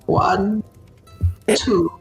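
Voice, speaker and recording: A man voicing a very old, fussy shopkeeper woman who counts slowly in a shrill voice. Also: fairly even intonation, faint music behind, heavily acted.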